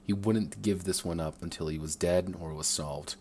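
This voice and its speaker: Very deep-voiced man reading a story. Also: moderate pace, a little mellow, slight background noise. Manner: stumbles and rereads phrases. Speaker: author reading his own story. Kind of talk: amateur first-person story reading.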